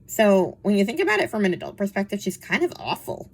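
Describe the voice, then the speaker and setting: A slightly husky young woman talks about books in a loose, rambling way. Her pitch rises and falls a lot. She fills her sentences with fillers and laughs often. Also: very animated, quick pace. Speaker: book reviewer. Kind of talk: casual chat.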